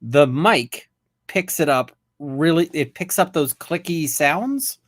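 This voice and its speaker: A man's voice: a little high, expressive, slow. A man hosting a casual chat, talking loosely and swearing at times. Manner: casual, swearing, tangent-prone. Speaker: host.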